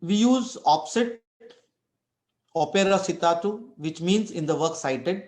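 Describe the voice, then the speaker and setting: A man's voice: high-pitched, a little slow, a little mellow, reverberant. A man giving an online lecture, explaining step by step with restarts and frequent "right?" checks. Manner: explains step by step, many restarts and tag questions.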